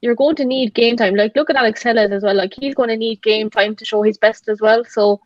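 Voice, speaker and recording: A woman who is a guest on a casual football chat over a video call, giving earnest, measured opinions with fillers. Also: fairly high pitch, steady tone, no room sound, highs cut off.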